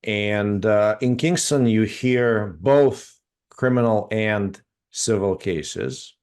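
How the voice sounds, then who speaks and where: A man's voice: on the low side, takes it slowly, a little mellow. A man hosting an interview, asking long, winding questions and laughing along with his guest.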